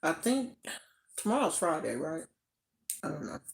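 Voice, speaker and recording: A woman's voice: low voice, big pitch swings, a little slow, slight background noise. An older woman hosting a spiritual channel, chatting casually on a livestream in a rambling way. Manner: chatty, rambling, with fillers and restarts. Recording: roomy echo.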